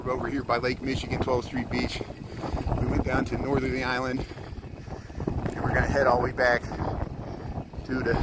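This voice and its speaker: Riding a bike outdoors by a lakefront, a mid-range-voiced man live-streams a city tour, chatting to viewers by name. He's slightly out of breath from cycling, and wind noise hits the mic in the background.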